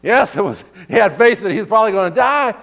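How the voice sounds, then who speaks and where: High-voiced man preaching conversationally. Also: sing-song, fast talker, creaky, a bit bright. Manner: conversational preaching with rhetorical questions, reading scripture aloud. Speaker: pastor. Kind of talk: sermon.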